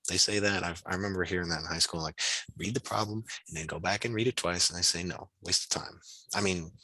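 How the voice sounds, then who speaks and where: A man with a deep, bright, husky voice tutors physics over a video call. He thinks out loud in a relaxed, encouraging way and scatters fillers through his explanations. The sound is dry and close. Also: fast talker, no echo, rough recording. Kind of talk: online tutoring session.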